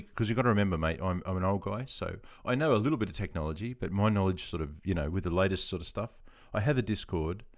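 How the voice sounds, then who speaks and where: Australian man, fifties, low voice, rambling chatty live-stream talk. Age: 50s. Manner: rambling, chatty, self-deprecating, reads chat aloud. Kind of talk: casual live-stream chat.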